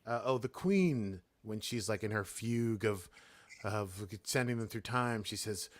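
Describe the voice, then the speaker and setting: A man's voice: fairly low pitch, a little slow, dry recording. A man co-hosting a casual podcast chat, rambling and hesitant with lots of ums and restarts. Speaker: podcast co-host.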